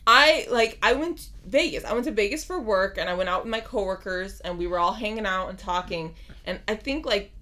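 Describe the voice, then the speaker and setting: A young woman co-hosting a chatty podcast. She tells stories in an animated, casual way, peppered with swearing and laughter. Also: mid-range voice, brisk. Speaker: podcast co-host. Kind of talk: casual chat.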